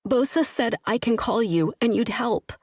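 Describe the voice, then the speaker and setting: A scared young woman stranded far from home pleads for help in breathless bursts, voiced by a woman narrating an audiobook. Her voice rises well above the reader's natural low pitch. The recording is dry and close. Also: animated, normal speed, a little mellow, husky, no room sound. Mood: desperate. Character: frightened young human woman stranded in space.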